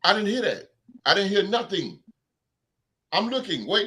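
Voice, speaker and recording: High, bright-voiced ranting sports host. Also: male voice, fairly quick. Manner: animated, heckling, mocking fans' voices. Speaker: podcast host. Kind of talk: sports talk rant.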